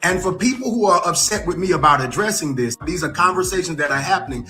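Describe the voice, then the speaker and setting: Bright-voiced man giving earnest commentary. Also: on the high side, expressive, faint music behind. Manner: earnest, deliberate, lecturing. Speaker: podcast host. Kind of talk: political commentary.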